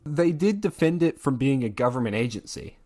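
A man's voice: mid-range voice, expressive, a little fast, mellow. A man co-hosting a podcast in casual chat, enthusiastic and rambling, laughing often between thoughts. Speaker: podcast co-host.

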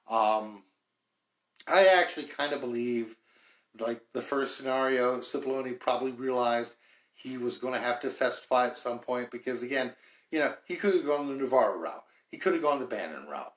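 Guy hosting a podcast, chatty and wry, mid pitch, room echo on the mic. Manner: chatty, thinking aloud, wry. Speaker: podcast host. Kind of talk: casual political commentary. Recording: roomy echo.

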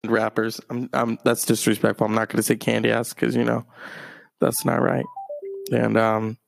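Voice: mid-range voice, fairly even intonation, normal speed, creaky, no room sound. A streamer rambling through a profane, meandering story in a casual monologue.

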